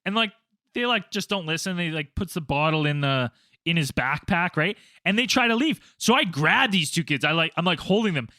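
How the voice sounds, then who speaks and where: High bright-voiced guy ranting thru a crude story on a podcast, dry close sound, gets loud doing the voices. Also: fairly quick, dry recording. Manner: animated, profane, acts out quotes loudly. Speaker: podcast co-host. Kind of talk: casual storytelling chat.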